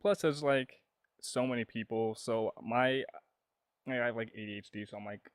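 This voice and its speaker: A young man chats casually as a podcast guest, spinning an animated story and putting on the voices of the people in it. His voice sits at an ordinary pitch, and the recording is dry and close with no room sound. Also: normal speed, no echo. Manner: animated storyteller acting out quoted dialogue. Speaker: podcast guest, background actor.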